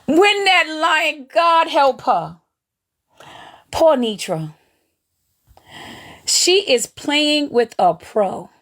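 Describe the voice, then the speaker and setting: Gleeful, animated woman livestream host. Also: sits high, very slow, long pauses. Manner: animated, gleeful, drawling Southern Black vernacular phrasing. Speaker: live stream host. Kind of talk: gossip commentary on a live stream.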